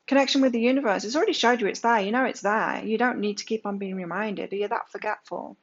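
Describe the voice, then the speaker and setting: A woman's voice: medium pitch, quick pace. Woman doing a tarot reading, lots of rhetorical questions, kinda muffled lo-fi audio. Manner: emphatic, lecturing, rhetorical questions. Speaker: tarot reader. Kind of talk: live tarot energy reading. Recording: slightly dull lo-fi sound.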